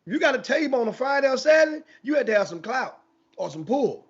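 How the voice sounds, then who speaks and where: A man's voice: extremely high pitch, very animated, fast, slightly rough, dull audio. A man hosting a casual sports talk show, telling a long rambling story with many restarts.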